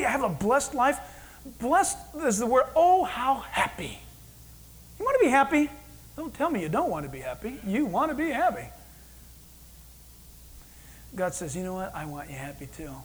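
A man preaching a sermon as pastor, animated, acting out God's voice in quoted asides. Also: extremely high pitch, moderate pace, long pauses, rough recording.

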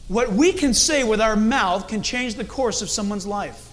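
A middle-aged man preaching a sermon as a pastor, animated and acting out different tones of voice as he speaks. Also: high voice, moderate pace, hardly any pauses, slight background noise.

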